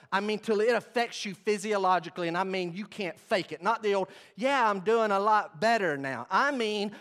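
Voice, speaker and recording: Middle-aged man, pastor preaching, fairly high voice, animated, loud bursts then hushed. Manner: animated preaching, swings from loud emphatic to quiet and low. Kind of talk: sermon.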